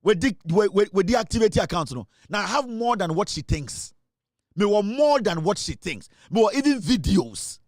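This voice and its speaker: A man with a Ghanaian accent delivers a scornful, angry rant, sliding between English and Twi. His voice sits fairly high and sounds dry and close, with no room around it. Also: no room sound. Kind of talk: angry social media rant.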